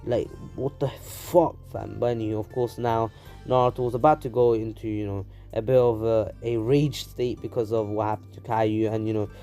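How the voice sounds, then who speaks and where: A man's voice: fairly low pitch, level tone, brisk, mellow, faint music behind. A man casually narrating a fan story, rambling with many fillers.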